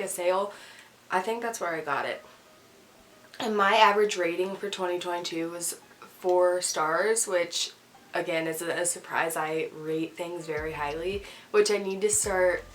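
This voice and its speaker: A woman's voice: mid-range voice, a bit bright, a little hiss or hum, poor audio. Stuffy-nosed young woman chatting casually. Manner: rambling, giggly, says like a lot. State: stuffy from a cold. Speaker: book vlogger. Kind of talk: casual reading wrap-up chat.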